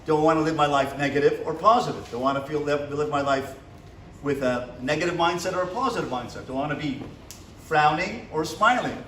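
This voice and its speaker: Recorded from afar in an echoey seminary classroom with a slight hiss or hum, this rabbi speaks a little high and a little fast with a fairly bright tone. His motivational lecture includes questions for the class and little acted-out dialogues.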